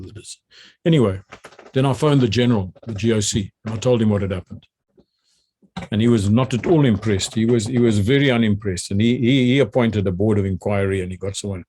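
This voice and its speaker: An older man from South Africa with a South African accent, a retired general telling memories in an animated way. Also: lowish voice, a little fast, a little hiss or hum. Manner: animated storyteller who acts out the orders he shouted. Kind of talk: recounting memories in a conversation.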